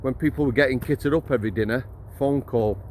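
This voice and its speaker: A man's voice: mid-range voice, brisk, a little mellow, slight background noise. A middle-aged man, a former prison officer telling stories in a chatty, blunt, jokey way. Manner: chatty, blunt and jokey, laughs mid-story, addresses viewers as guys. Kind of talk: casual storytelling to camera.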